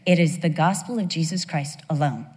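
Animated woman teaching in a reverberant hall. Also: low voice, normal speed. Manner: animated, conversational storytelling. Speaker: Bible teacher. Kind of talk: sermon.

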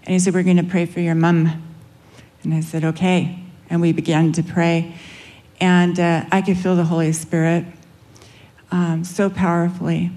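A woman with a slow Californian drawl, telling a personal testimony as an interview guest, acting out the dialogue softly. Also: on the low side, flat delivery. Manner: slow, soft storytelling, quotes dialogue.

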